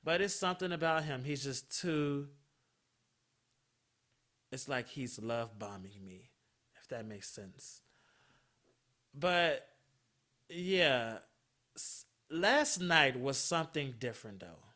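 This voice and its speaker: A podcast host with a mid-range voice tells a personal story casually and with animation, swearing freely and laughing often. He speaks slowly and pauses a lot.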